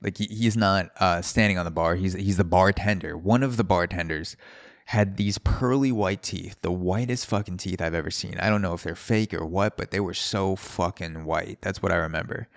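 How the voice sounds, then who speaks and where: A man's voice: deep voice, moderate pace, gravelly, dry recording, studio quality. A man hosting a solo podcast, telling a rambling, profane story with frequent restarts. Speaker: podcast host. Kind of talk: casual solo podcast monologue.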